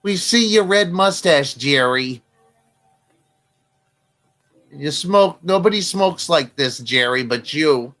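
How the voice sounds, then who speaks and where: A man's voice: a little high, lively intonation, measured pace, a bit bright, faint music behind. A male host mocking a clip with teasing, ribbing banter. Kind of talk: mocking commentary over a clip.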